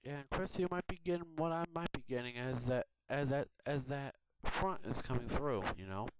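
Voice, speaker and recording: A man from Houston giving a rambling, chatty update vlog from a quiet home, laughing often. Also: medium pitch, moderate pace. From Houston, Texas. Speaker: video blogger. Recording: noisy home recording with clicks.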